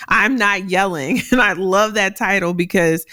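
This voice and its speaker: Woman podcast host, deep carrying voice, dry close mic, straight-talking and lively. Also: measured pace, dry recording. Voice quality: deep voice that carries. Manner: direct, animated, laughs often. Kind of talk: solo career advice podcast.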